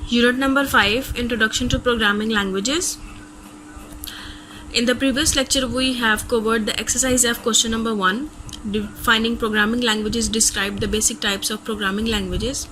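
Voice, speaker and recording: Bright-voiced woman teacher, Pakistani accent. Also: on the high side, fairly even intonation, normal speed, slight background noise, rough recording. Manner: reads steadily from textbook notes. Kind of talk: recorded class lecture.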